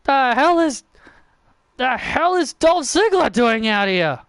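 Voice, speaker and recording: Very high-pitched excitable male commentator. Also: takes it slowly, clean tone, dry recording. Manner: excitable, often shouting, with stumbles and repeats. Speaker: wrestling commentator and channel host. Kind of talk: excited play-by-play commentary of a video game match.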